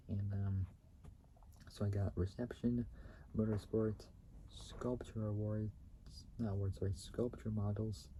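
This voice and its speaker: A man hosting his own video channel, reading car facts in a halting way, often restarting and repeating phrases and correcting himself. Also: lowish voice, vocal fry, warm tone, slight background noise, poor audio. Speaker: YouTube channel host.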